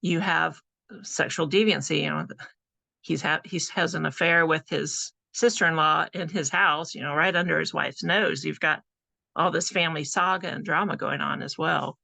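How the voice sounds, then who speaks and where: A woman's voice: low voice, fairly even intonation, moderate pace, creaky, bright, forceful tone, no echo. A woman from California, an author giving a chatty, casual presentation full of fillers. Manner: chatty, conversational, with frequent fillers.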